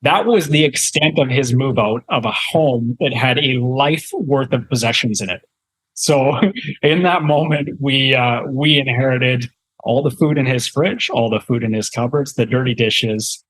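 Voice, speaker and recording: A man's voice: mid-range voice, moderate pace, fairly bright tone, slightly rough, low-quality recording. Canadian man telling a rambling story. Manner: rambling, many fillers and restarts, chuckles while telling. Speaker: guest real estate investor. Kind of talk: casual storytelling in a podcast interview.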